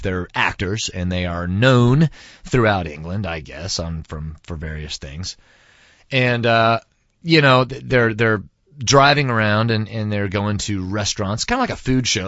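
Rambling texas guy hosting a podcast, lowish voice, kinda dull dry sound. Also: fairly bright tone, no room sound. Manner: chatty and rambling, many fillers. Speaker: podcast host. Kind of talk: casual podcast monologue. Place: recording studio.

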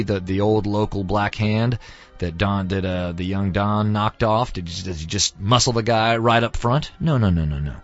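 A man's voice: fairly low pitch, moderate pace, no echo. A man, a student, casually retelling a film with lots of fillers, in a dull, lo-fi recording with faint music. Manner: rambling, many fillers.

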